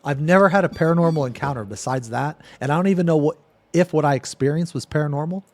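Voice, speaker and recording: A man streaming live, telling a rambling, profane story in a casual way that drops to a near-whisper and then gets loud. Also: a little high, fast, no echo.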